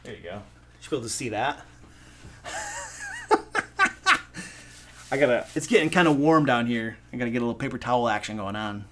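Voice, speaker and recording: A man from Michigan with a Michigan accent, hosting a casual live stream as a dungeon master, excitable, goofy and self-deprecating. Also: mid-range voice, very fast, a little hiss or hum. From Michigan, USA. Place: home room.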